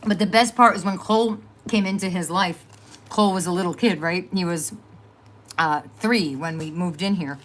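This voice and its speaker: A woman's voice: lowish voice, moderate pace, a little hiss or hum. Chatty middle-aged woman crafting live. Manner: rambling and chatty, trailing off with fillers. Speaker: crafting livestream host. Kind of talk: casual chat to live viewers.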